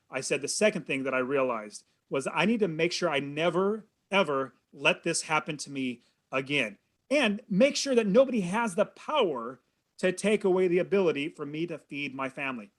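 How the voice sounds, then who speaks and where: A man in his thirties tells a personal story as a podcast guest, earnest and animated. His voice sits a little high for a man. He talks plainly and warmly to his host. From California. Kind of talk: storytelling in an interview.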